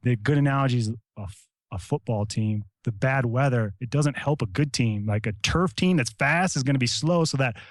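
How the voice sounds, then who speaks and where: A middle-aged American man telling stories in casual conversation, animated, acting out quotes and swearing freely. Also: medium pitch, moderate pace, no echo, clean studio sound. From United States. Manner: animated, acts out quoted voices, swears casually, says "bro" and "right?". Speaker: guest, Army veteran.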